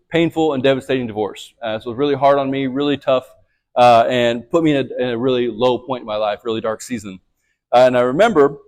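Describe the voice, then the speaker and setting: A man leading a men's church group, teaching a lesson and sharing his own testimony in a conversational way, often checking in with "right?". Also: mid-range voice.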